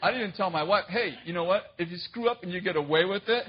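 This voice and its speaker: A man's voice: high-pitched, fast, dull audio, slight background noise. A man preaching, telling a personal story with self-mocking humor and frequent laughs. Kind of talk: storytelling sermon.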